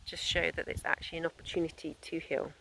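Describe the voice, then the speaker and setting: A woman's voice: low voice, little pitch movement, quick pace, gravelly, pushed and bright, a little hiss or hum. A woman, a holistic therapist giving a conversational wellness talk that rambles and encourages, with many fillers and restarts.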